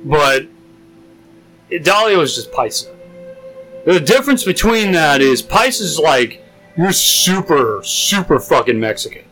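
Young dude on a podcast, blunt and jokey, bright tone over faint music. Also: male voice, on the high side, expressive, measured pace, pauses often, rough recording. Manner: blunt, joking, profane. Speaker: podcast co-host. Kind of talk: casual chat.

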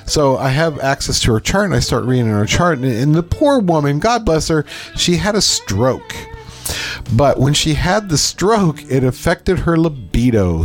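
Male podcast co-host, animated storyteller, lively pitch, slightly high. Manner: animated, jokey, acts out voices. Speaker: medical scanning technician. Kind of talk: casual storytelling chat.

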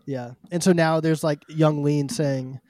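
A man's voice: on the high side, steady tone, unhurried, darkish tone, dry recording, studio quality. A man co-hosting a podcast in casual, rambling chat with many hesitations. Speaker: podcast co-host.

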